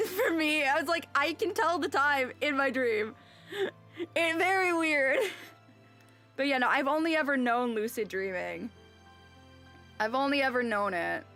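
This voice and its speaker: A bright, high-pitched young woman chats on a stream, her voice leaping up and down as she giggles. She reads chat aloud into a desk mic. Soft game music plays faintly behind her.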